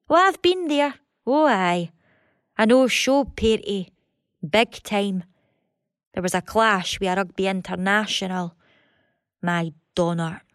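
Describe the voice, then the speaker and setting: A middle-aged woman with a Scottish accent, delivering a dramatic monologue with expressive, theatrical swings between loud and hushed. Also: on the high side, no echo, clean studio sound.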